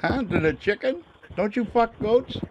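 A man's voice: sits high, lively intonation, normal speed, highs cut off, noisy background. A man making prank phone calls to scammers, taunting and cursing at them. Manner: taunting, profane, mocking. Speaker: scambaiter prank caller.

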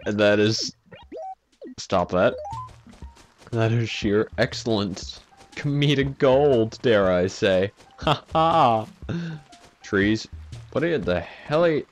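A man's voice: fairly low pitch, expressive, takes it slowly, long pauses, faint music behind. A man giving casual, self-mocking commentary over a video game, laughing often at his own mishaps. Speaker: let's play commentator.

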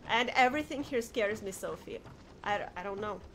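A young woman streaming a game and chatting with viewers, who shrieks and yells at the game and then apologizes. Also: medium pitch, normal speed. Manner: chatty, greets viewers by name. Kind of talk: casual live-stream game commentary. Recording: noisy home stream recording.

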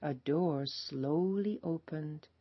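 Female storybook narrator, slow and lively in pitch, on a slightly dull recording. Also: breathy edge, dry recording. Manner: expressive, unhurried storytelling.

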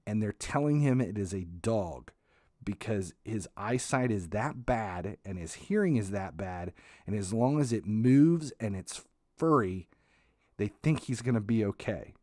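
A man hosting a podcast, telling a comic family story in a casual, animated way, swearing, restarting sentences and laughing as he goes. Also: on the low side, unhurried, dry recording, studio quality. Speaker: podcast host.

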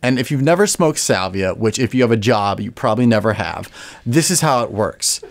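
A young male comedian telling a story with lots of swearing, jumping high in pitch for punchlines and acting out the people in it. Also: lively intonation. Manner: rapid, profane, jumps high for punchlines and acts out people. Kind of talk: animated comic storytelling.

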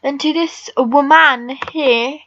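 A woman's voice: sits high, takes it slowly, a bit bright, dry recording, highs cut off. A teenage girl chatting casually over her game recording, rambling and blunt with lots of filler words. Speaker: gamer vlogger.

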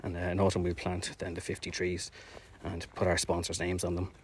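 A man's voice: sits low, completely flat delivery, fairly quick, a little hiss or hum. A man chatting casually outdoors while walking, a little out of breath, rambling with many fillers as he narrates a live stream. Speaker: orchard project owner streaming drone flights. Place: outdoors in fields.

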